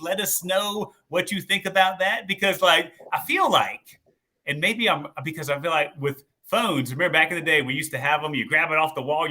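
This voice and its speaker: A man's voice: on the high side, bright, forceful tone. A man hosting a casual live stream, upbeat and promotional, chatting with a co-host and reading out viewer comments. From Texas.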